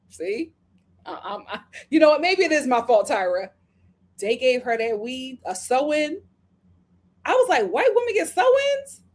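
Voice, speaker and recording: A woman hosting a casual live-stream review, chatting and reading viewer comments with dramatic, animated retelling. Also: sits high, takes it slowly, long pauses.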